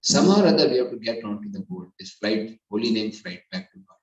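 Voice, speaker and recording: A man giving an earnest devotional lecture, rising to emphatic loud peaks. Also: on the low side, very animated, fast talker, recorded from a distance, highs cut off. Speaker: preacher. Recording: echoey hall, voice from off-mic.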